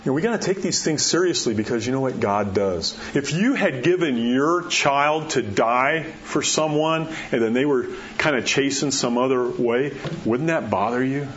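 A man preaching a sermon in a folksy, storytelling way, dropping to a soft hush at key words. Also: mid-range voice, normal speed, few pauses, dull audio, slight background noise. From New Mexico.

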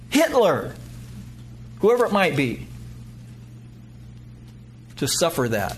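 A man's voice: sing-song, extremely slow, pauses often, slight background noise. Emphatic man preaching a sermon. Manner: emphatic, rising to loud peaks then dropping low. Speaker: pastor.

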